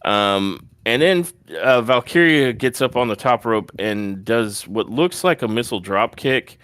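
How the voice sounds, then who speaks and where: A man co-hosting a podcast, giving a detailed, casual play-by-play recap of a wrestling match with animated asides. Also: medium pitch, measured pace, smooth, dry recording, studio quality. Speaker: podcast co-host.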